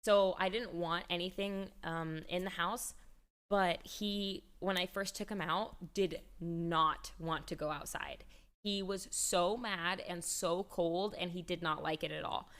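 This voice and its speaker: A woman's voice: on the low side, fairly even intonation, measured pace, a bit bright, clean tone. A woman livestreamer in casual chat, rambling with frequent restarts and easy laughter. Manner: chatty and rambling, restarts often, laughs easily.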